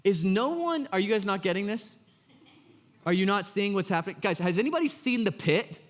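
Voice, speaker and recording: A man with a high-pitched voice, talking a little fast, gives a sermon as pastor in a large church hall. His delivery is loose and jokey, full of fillers, and he animatedly plays out scripture figures, voicing Jesus with exasperation.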